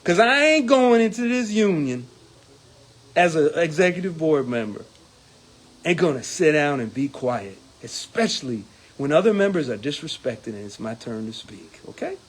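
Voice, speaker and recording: A man's voice: sing-song, moderate pace. A man who sits on a union executive board reports back to members. He is hesitant over the numbers and grows indignant about salaries and being silenced. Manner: indignant, gets heated and rises in pitch when angry; hesitant with numbers, many ums and uhs. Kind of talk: casual report to viewers.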